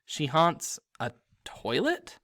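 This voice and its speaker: A man's voice: on the high side, wildly swooping pitch, takes it slowly, fairly bright tone, no room sound, studio quality, heavily acted. A man doing Harry, a cautious teenage boy. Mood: curious. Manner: cautious, plain.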